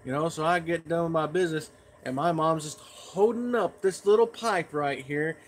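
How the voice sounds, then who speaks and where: A man's voice: fairly high pitch, normal speed, a little hiss or hum. A man chatting in a folksy, rambling way as a pipe tobacco vlogger. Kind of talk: casual rambling vlog.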